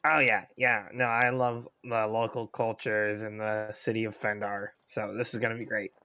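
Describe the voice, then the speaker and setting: A man's voice: fairly low pitch, little pitch movement, moderate pace, bright, forceful tone, smooth, no room sound. A man playing a tabletop game, teasing and playful. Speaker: player.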